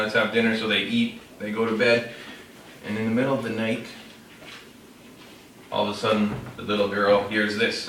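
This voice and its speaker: A man telling a fable in a loose, unpolished way, showing a classroom storytelling trick. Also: lowish voice. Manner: unpolished, with fillers and self-corrections. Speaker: storyteller demonstrating a classroom technique. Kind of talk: casual oral storytelling. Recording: roomy, distant mic, faint noise.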